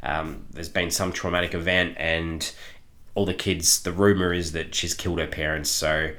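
A man's voice: low-pitched, little pitch movement, normal speed, bright, forceful tone. A man co-hosting a podcast, reviewing a film in casual chat, rambling with lots of ums and frequent laughter. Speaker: podcast co-host reviewing films.

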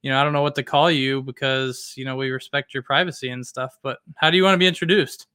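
A man's voice: mid-range voice, fairly even intonation, fast talker, pushed and bright, smooth, no room sound, studio quality. A man hosting a podcast interview, easygoing and loose in his phrasing. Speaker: podcast host.

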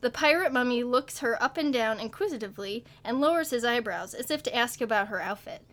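Woman w/ a high voice reading a silly story out loud, laughs a lot, does little voices. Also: expressive, a little fast. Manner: reads with small put-on quotes, laughs often. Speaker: podcast co-host reading a story. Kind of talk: casual story reading among friends.

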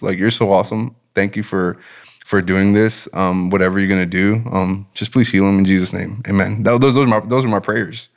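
A man guest telling a personal story in a casual interview, animated and enthusiastic, with a relaxed manner. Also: fairly low pitch, a little fast. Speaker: business owner and guest.

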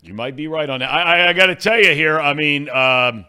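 A man's voice: fairly high pitch, a little fast, pushed and bright, clear, resonant tone. A man hosting a sports talk show, talking in a folksy, emphatic way. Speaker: sports radio host.

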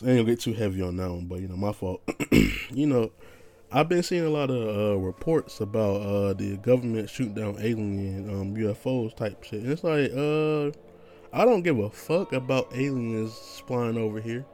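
A man's voice: mid-range voice, dark tone. A young man hosting his own podcast, rambling casually in a laid-back, profane, slang-heavy monologue. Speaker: podcast host.

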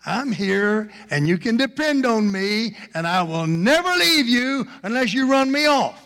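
Man doing Hope as a cheerful, dependable guy, high lively voice, hall echo. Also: a little slow, heavily acted. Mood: reassuring. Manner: reassuring, whooping. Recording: reverberant hall.

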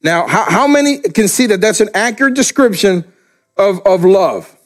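An older man preaching a sermon in a room, slow and emphatic, dropping low and quiet to stress his points. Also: animated. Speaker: pastor. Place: room with camera, daughter filming.

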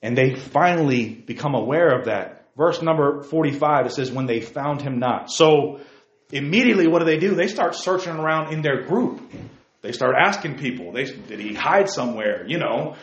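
A man with a somewhat high voice preaches to young people, firing rhetorical questions and calling listeners by name. He swings between loud exclamations and hushed asides. The recording is dull and roomy, with echo off the walls. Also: expressive, moderate pace. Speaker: youth preacher. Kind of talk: sermon.

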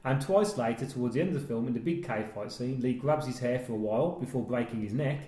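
A man's voice: medium pitch, fast, warm tone. A man hosting a casual film chat, chatty and laughing at his own jokes. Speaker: podcast host. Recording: roomy echo.

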